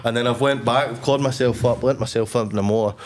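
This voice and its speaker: A young Scottish man, a podcast guest, telling a wild story in a blunt, sweary, animated way. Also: mid-range voice, fast. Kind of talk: casual storytelling.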